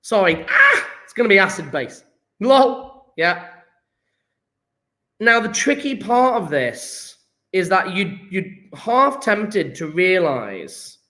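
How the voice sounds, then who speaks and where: A man's voice: high-pitched, big pitch swings, slow pace, bright, forceful tone. A man teaching a casual chemistry revision lesson, jokey and chatty, talking straight to his viewers.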